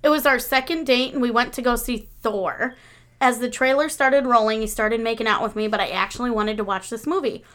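High-voiced woman laughing through stories. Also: brisk. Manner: laughs through stories, animated when quoting. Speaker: podcast co-host. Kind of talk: casual chat, storytelling.

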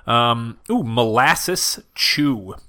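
A man's voice: mid-range voice, expressive, extremely slow, bright, forceful tone. A man co-hosting a podcast, teasing his co-host in casual chat while rating candy.

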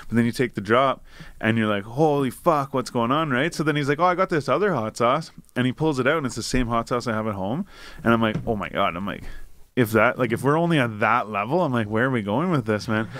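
A man's voice: medium pitch, lively intonation, fast talker, a bit bright. A young man casually telling a long, profane, rambling anecdote. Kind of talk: casual chat, storytelling.

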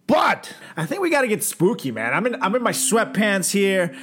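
A man in his thirties co-hosting a podcast in casual, crude, joking chat, now and then dropping into a low put-on voice. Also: sing-song, normal speed, fairly bright tone. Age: 30s. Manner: goofy, crude, drops into a low joke voice. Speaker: podcast co-host.

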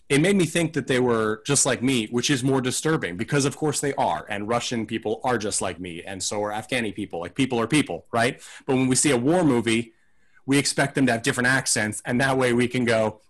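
Man, film podcast co-host, casual discussion, thoughtful, rambling, hedging, mid-pitched voice. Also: brisk. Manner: acts out mock quotes in silly voices.

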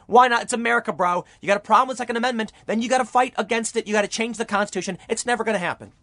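A young man talking fast and heatedly in an online opinion monologue, firing off rhetorical questions as he argues his case. His voice sits high for a man, and the sound is close and dry, with no room around it. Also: no echo. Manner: animated, argumentative, rhetorical questions. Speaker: political commentary YouTuber.

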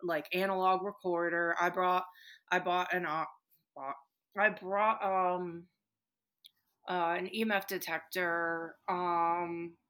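A woman's voice: lowish voice, fairly even intonation, slow pace, a bit bright. A woman guest on a podcast, talking casually with plenty of fillers and frequent swearing. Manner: chatty, swears freely, many fillers. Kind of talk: casual chat.

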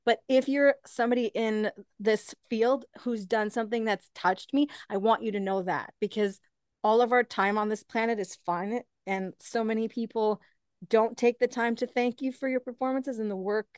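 A woman's voice: fairly high pitch, steady tone, moderate pace, a little mellow, smooth, no room sound. Young woman, host, gushing, chatty, lots of fillers, dry close sound. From Canada. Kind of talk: casual interview chat.

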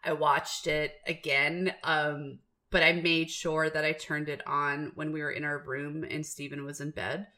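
A woman co-hosting a book podcast, telling stories in animated casual chat and laughing often. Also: low-pitched, unhurried, few pauses. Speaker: podcast co-host.

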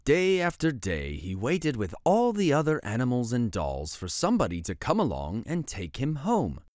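Animated storybook reader with a dry close voice. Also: male voice, mid-range voice, normal speed, no echo. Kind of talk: reading a bedtime picture book aloud.

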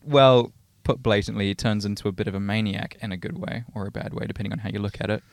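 A man's voice: lowish voice, fairly even intonation, fast, creaky, no echo. A young man in his twenties, co-hosting a podcast as a racing driver and telling rambling stories in a casual chat. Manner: rambling, chatty storyteller.

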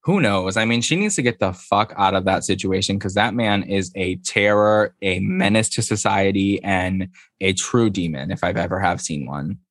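A man co-hosting a casual recap podcast, talking in an animated, emphatic way and swearing freely. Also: sits low, moderate pace, dry recording, clean studio sound. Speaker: podcast co-host. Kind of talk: casual reality-TV recap chat.

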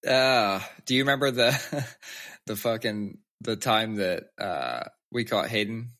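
A man's voice: on the low side, a little slow, pushed and bright. A man in his thirties chatting candidly about his kids, swearing freely and acting out their lines. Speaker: podcast co-host. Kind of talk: casual chat.

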